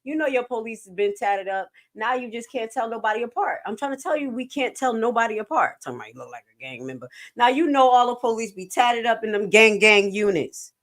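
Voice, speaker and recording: Animated woman host talking to viewers. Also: on the high side, fairly quick, few pauses. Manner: animated, talks straight to viewers. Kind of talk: commentary over a played interview.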